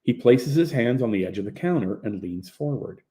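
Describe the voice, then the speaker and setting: A man narrating his own memoir as an audiobook in a plain, low-key manner. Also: animated, normal speed, warm tone. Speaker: author reading his own book.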